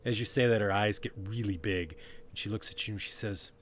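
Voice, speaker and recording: A man's voice: lowish voice, fairly even intonation, brisk, slight background noise. A man narrating a tabletop game as game master, in a loose, rambling way with many fillers.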